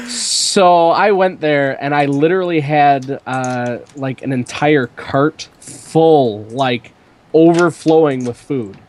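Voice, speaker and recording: A man's voice: on the high side, takes it slowly. A young man hosting a podcast, telling a rambling story in casual chat with lots of fillers. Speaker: podcast host.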